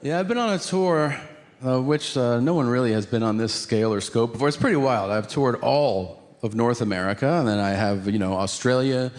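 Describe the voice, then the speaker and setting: Sounding exasperated and incredulous, a medium-pitched man tells a stand-up story at a brisk pace, acting out its people in animated fashion and mimicking them in quoted lines. Recorded live on a comedy stage, with audience noise.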